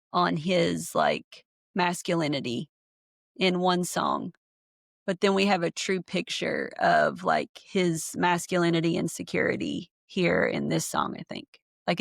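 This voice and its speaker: Woman, podcast host, gravelly, low, dry close sound, enthusiastic, rambling. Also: dry recording. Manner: enthusiastic, thinks aloud with many fillers. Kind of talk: casual podcast chat. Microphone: remote call.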